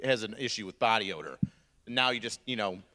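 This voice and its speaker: A drill sergeant tells blunt, profane stories on a stream panel. His voice is bright and forward, and his pitch swings widely as he talks. He is lively and unfiltered, a man who likes to get a reaction. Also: fairly quick. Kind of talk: comedic storytelling on a live stream panel.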